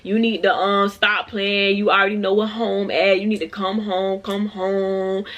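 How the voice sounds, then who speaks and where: A woman's voice: mid-range voice, flat delivery, a little slow, fairly bright tone, muffled recording, natural voice. A woman doing her clingy, pleading ex-boyfriend.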